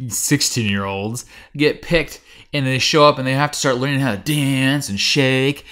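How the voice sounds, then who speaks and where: Brief: male podcast host, middle-pitched voice, loose rambling recap with lots of "like". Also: normal speed, a bit bright, clear, resonant tone. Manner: rambling recap with many fillers and restarts. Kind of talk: casual chat.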